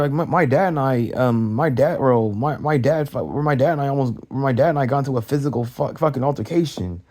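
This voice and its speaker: A young man tears through an angry late-night rant at a breakneck pace. His voice sits a little high yet sounds dark and mellow in tone. He swears freely and keeps stumbling into restarts. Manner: agitated, profane, rapid-fire venting with restarts. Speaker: vlogger.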